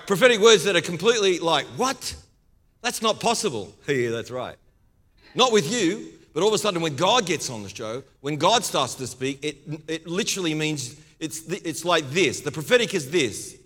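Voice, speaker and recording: A man with an Australian accent preaching as a guest pastor, playful and excitable, often laughing. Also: a little high, normal speed. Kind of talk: lively sermon. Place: church hall. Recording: long hall reverb.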